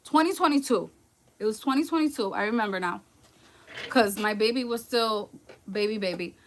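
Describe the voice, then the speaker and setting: Woman, New York accent, thirties, high-pitched, casual storytelling chat. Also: moderate pace, a little hiss or hum. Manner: chatty, storytelling, addresses viewers as y'all. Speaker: livestream host.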